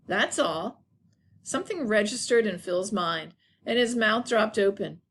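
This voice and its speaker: A woman's voice: mid-range voice, moderate pace, a little hiss or hum. A woman teacher narrating a children's chapter book aloud for young students. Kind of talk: children's story read-aloud.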